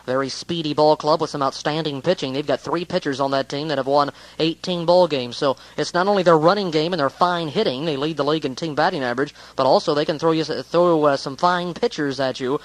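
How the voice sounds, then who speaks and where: A man's voice: a little high, a little fast, few pauses, low-quality recording. Rambling man recapping a baseball game. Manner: rambling, with many hesitations and uh fillers. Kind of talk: casual spoken game recap.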